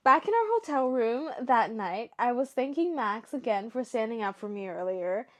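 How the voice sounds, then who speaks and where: Higher-voiced woman reading stories, emotional asides. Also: animated, normal speed. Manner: emotional, chatty asides between read passages. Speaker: story reaction host. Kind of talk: reading stories aloud with reactions.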